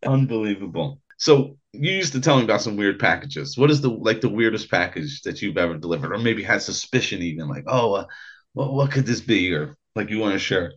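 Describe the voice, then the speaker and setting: A man's voice: lowish voice, lively intonation, fairly quick, fairly bright tone, breathy edge. A man hosting a casual podcast, talking eagerly and laughing often. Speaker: podcast host. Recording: slightly dull lo-fi sound.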